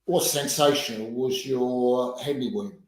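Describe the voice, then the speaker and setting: A man hosting an interview, speaking slowly and encouraging his guest with short interjections. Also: medium pitch. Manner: slow, encouraging with brief interjections. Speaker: podcast host. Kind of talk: casual interview. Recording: very echoey room with faint noise.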